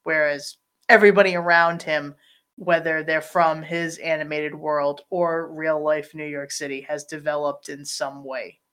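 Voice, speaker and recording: Woman, lowish voice, casual film chat, rambling, acts out lines. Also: measured pace, clean tone. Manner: rambling, animated, acts out quotes. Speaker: podcast co-host discussing a film.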